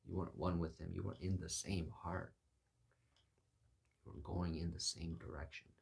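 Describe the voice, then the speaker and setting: A man preaching a sermon, acting out Bible figures in lively voices now and then. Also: low voice, moderate pace, gravelly, husky.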